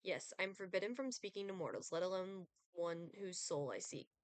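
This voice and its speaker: A woman's voice: on the low side, moderate pace, smooth, no room sound, natural voice. A woman voicing an aloof male Grim Reaper, reading his game lines in a cool, clipped, formal way. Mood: cold, formal. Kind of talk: reading game dialogue aloud.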